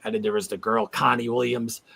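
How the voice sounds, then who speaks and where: A man's voice: medium pitch, flat delivery, brisk, vocal fry, sharp tone. A man in his forties hosting a casual livestream chat, rambling and heartfelt as he reads viewer comments aloud. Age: 40s. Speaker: livestream host.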